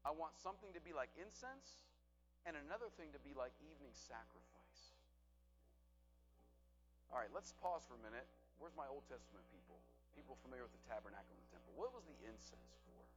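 A man's voice: medium pitch, a bit bright, muffled recording. A man teaching a Bible study to a group, asking them questions and repeating back their answers.

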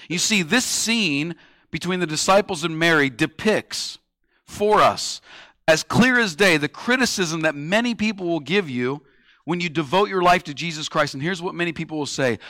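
A man preaching a sermon with passion, slowing down to stress key words and acting out the voices of critics. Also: on the high side, lively intonation, sharp tone, dry recording, studio quality. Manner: acts out quoted critics in a mocking tone. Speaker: pastor.

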